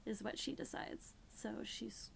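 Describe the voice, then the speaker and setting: A woman's voice: a little high, flat delivery, unhurried, vocal fry, slight background noise. A young woman recapping a book in a casual, sarcastic, rambling way, a bit tipsy. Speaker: book reviewer. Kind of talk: casual spoken book review.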